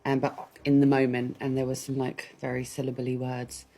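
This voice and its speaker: A woman, an actress, chatting in an interview and telling lively anecdotes from a film set. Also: a bass voice, normal speed, soft background music. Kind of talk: casual interview answer.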